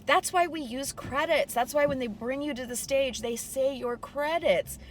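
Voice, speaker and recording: A woman's voice: sits high, normal speed, poor audio. A woman, a comedian and PR consultant, chatting bluntly and profanely about getting paid, recorded in a moving car. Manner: blunt and profane, animated storytelling. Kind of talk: casual chat in a car. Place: inside a car driving in a city. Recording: car and traffic noise.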